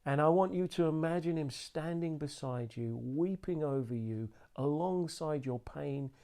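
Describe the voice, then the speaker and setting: A man giving an earnest sermon, slowing down to read scripture aloud. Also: fairly high pitch, creaky, dark tone. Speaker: preacher.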